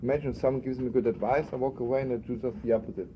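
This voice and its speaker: A rabbi giving an informal spoken lesson, talking conversationally and repeating himself for emphasis. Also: male voice, mid-range voice, steady tone, very fast. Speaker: rabbi teaching a class. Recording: dull lo-fi archival recording with faint background noise.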